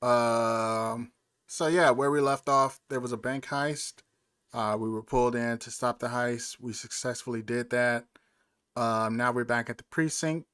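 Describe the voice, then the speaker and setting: A gaming channel host with a medium-pitched, steady voice, slightly slow and fairly bright, narrates a video game walkthrough. His casual gameplay commentary is laid-back and rambling, packed with fillers, and the tone is clean.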